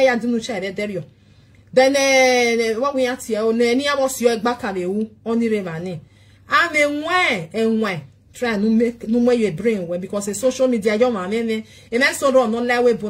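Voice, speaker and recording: A woman's voice: fairly high pitch, slightly rough. A woman with a Nigerian accent pleading at length in a casual talk show monologue, repeating short questions.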